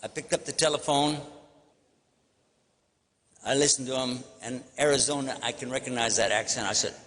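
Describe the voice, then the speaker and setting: A man's voice: medium pitch, fairly even intonation, moderate pace, a bit bright. An older man with a Texan accent giving a public lecture as a preacher, telling stories in a folksy way and acting out phone calls. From Texas, United States. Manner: folksy storytelling, acts out phone dialogue. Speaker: Islamic preacher. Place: large convention hall. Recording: long hall reverb.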